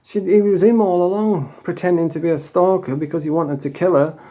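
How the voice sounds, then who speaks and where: An English vlogger with a Northern accent rambles through an emotional, sweary story while coming off drugs, often saying "you know what I mean." His voice sits high and sounds warm, with fairly even intonation and a fairly quick pace.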